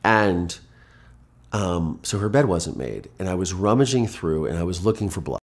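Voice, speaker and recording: Low-voiced man telling a personal story. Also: animated, normal speed. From Ohio, USA. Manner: earnest, vivid retelling with restarts. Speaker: guest.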